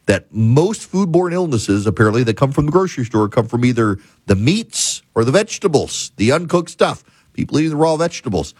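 A man's voice: medium pitch, very animated, brisk, a little mellow, husky, dry recording. A middle-aged man hosting a talk radio show, telling stories emphatically and building to a punchline.

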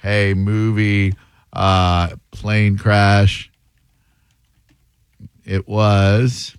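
A man's voice: mid-range voice, lively intonation, moderate pace, no room sound. Loose, joking male radio host. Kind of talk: casual radio talk show. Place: radio studio. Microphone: studio mic.

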